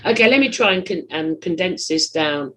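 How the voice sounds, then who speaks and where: A husky podcast host talks at length in a loose interview, hunting for words and teasing the guest. Pitch and loudness leap up and drop away as the thoughts tumble out, sitting in a middle register overall. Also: expressive, moderate pace, low-quality recording. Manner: rambling, searching for words, teasing; big swings in pitch and loudness. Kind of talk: conversational interview.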